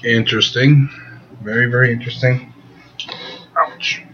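A man's voice: mid-range voice, steady tone, unhurried, muffled recording, noisy background. A man casually interviewing a friend in character, goofy, teasing and rambling. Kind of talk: casual improv chat.

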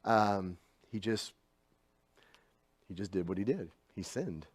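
Male preacher, middle-aged, chatty storytelling sermon with big swings in loudness, dry recording. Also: on the low side, slow pace, husky, dry recording. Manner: swings from hushed asides to loud emphatic bursts.

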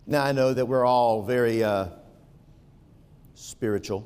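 A man preaching a sermon, firing rhetorical questions at the congregation and swinging from quiet asides to loud, fervent peaks. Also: medium pitch, moderate pace, long pauses, smooth, in a large hall.

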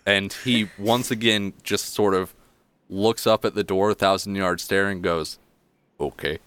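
A man narrating a tabletop game as game master, describing scenes in a relaxed way. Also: fairly low pitch, measured pace, clear, resonant tone, no echo.

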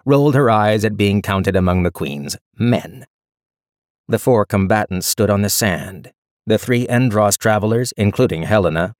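A man narrating a fantasy short story in a measured, even storytelling voice. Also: on the low side, dry recording, clean studio sound. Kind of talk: audiobook narration.

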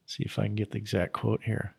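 A man preaching on scripture, emphatic and unscripted, repeating his key phrases and pausing for restarts and asides. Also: fairly low pitch, flat delivery, gravelly, breathy edge.

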